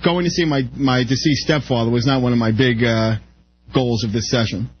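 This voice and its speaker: A man's voice: medium pitch, fairly even intonation, a little fast, lo-fi sound, a little hiss or hum. A man who is a guest on a radio show, earnestly insisting as he explains his story. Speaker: studio guest.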